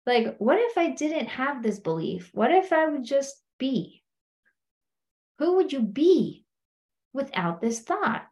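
Woman coaching, chatty and slightly high. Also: sing-song, takes it slowly, a little mellow. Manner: conversational, keeps asking "right?". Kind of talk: teaching a self-inquiry method.

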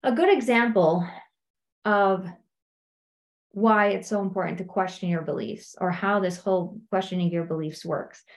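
A middle-aged woman speaking as a coach in a conversational teaching talk, often acting out what people say. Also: moderate pace. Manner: conversational, acts out quotes in high animated voices.

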